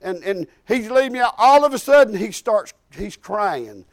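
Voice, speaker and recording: A man's voice: sits high, expressive, moderate pace. A man preaching a sermon, telling his own story in a folksy, emphatic way with many restarts. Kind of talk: sermon with personal testimony.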